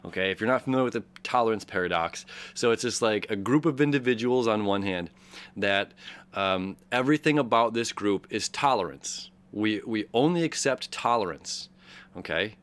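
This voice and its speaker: Rambling man, slightly low voice. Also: fairly bright tone. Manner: rambling, many fillers and restarts. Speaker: astrology host. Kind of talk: casual explanatory monologue.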